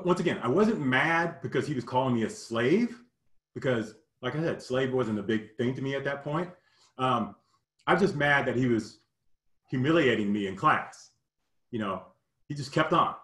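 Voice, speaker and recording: A man's voice: mid-range voice, a bit bright, echoey room. Earnest man telling a personal story. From Kentucky, US South. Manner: earnest, halting, many "you know" fillers.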